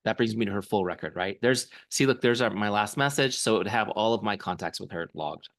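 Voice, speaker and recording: A man with a fairly low voice runs a lively training session over a video call, coaching his listeners with energy. He keeps checking that they follow along. The sound is dry and close, with no room echo. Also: fairly quick. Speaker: software founder training a sales team.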